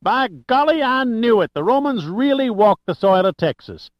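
A man voicing an excitable older Texan store owner who talks high and eager, in a dull lo-fi recording. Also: normal speed, no room sound, close to an everyday voice. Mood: excited.

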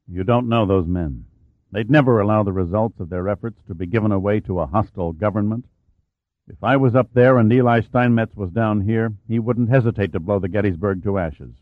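A man's voice: on the low side, a little fast, no room sound, natural voice. A man plays a grieving, enraged male mission director who pleads with anguish. The sound is thin and phone-like and dry.

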